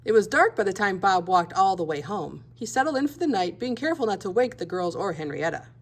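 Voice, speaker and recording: A woman's voice: mid-range voice, big pitch swings, fairly quick. A woman reading a children's picture book aloud, expressively, acting out the animal sounds. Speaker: storybook reader.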